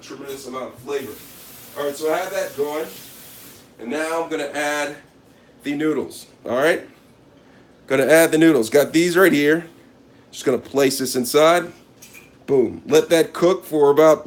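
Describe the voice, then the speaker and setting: A man's voice: on the high side, slight background noise. A man hosting a casual cooking demonstration, talking to viewers as he works in a mock-serious way and repeating a catchphrase. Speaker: cooking channel host.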